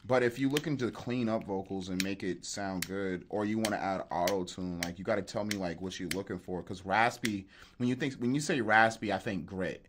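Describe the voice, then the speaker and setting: A man's voice: low-pitched, brisk, background noise. A man producer giving a casual livestream tutorial, answering chat in a laid-back, slangy way and talking straight to viewers. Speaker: beat producer. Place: home music studio.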